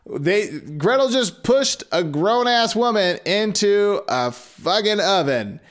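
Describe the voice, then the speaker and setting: A man reads a fairy tale aloud in a comedic way, tossing in sarcastic, profane asides. His voice sits fairly high and moves a lot, with a loose, irreverent delivery. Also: lively intonation, takes it slowly, a bit bright. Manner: irreverent, sarcastic, swears freely. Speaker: storyteller.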